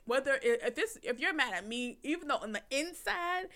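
Woman, slightly high voice, playful teasing co-host style. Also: sing-song, a little fast, sharp tone. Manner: teasing, laughing, acts out quotes. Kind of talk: casual couple chat.

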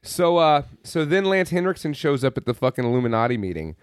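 Profane, exasperated man with a lively voice. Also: a little high, fairly quick, clean tone, no echo, studio quality. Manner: profane, exasperated, rambling retelling. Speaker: podcast co-host. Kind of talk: casual film review chat.

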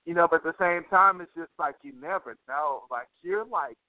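A man co-hosting a podcast in casual chat, animated and profane, filling every pause with "like". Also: a little high, no room sound. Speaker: podcast co-host. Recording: dry, tinny phone-like sound.

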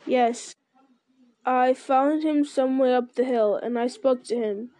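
Woman doing a troubled proud warrior, slow, hesitant, mellow voice. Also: high voice, no room sound. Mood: uneasy.

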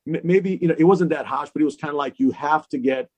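A man's voice: a little high, fast, no room sound. A man, a DJ, telling stories in a casual chat, acting out the people he quotes. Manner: animated storyteller, acts out quoted exchanges. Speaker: DJ guest.

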